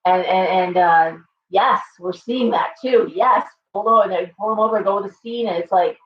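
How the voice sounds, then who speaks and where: A woman's voice: medium pitch, moderate pace. A woman hosting a live stream, rambling casually and greeting viewers by name. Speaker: shop owner and live show host. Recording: roomy, distant, dull lo-fi sound with faint hum.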